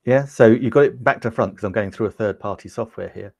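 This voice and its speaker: A man's voice: fairly low pitch, fairly quick, vocal fry, a little mellow, dry recording. Chatty Englishman demoing gear, dry sound. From United Kingdom. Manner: chatty and upbeat, with frequent ums, talking to viewers in the chat. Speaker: livestream host demonstrating gear. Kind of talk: casual product demo on a livestream. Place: small home studio with ring light. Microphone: lapel mic.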